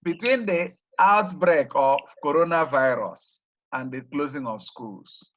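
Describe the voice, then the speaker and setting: A man teaching a class. He repeats key terms slowly and leaves sentences open with "what?" so the students fill in the answer. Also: a little high, animated, fairly bright tone, highs cut off. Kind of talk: classroom lecture.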